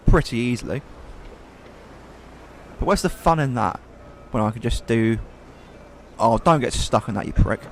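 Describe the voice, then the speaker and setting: A man's voice: medium pitch, lively intonation, normal speed, creaky, long pauses, a little hiss or hum. A man from Wales with a Welsh accent, giving casual, profane let's play commentary as he plays. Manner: profane, ranting. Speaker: gamer.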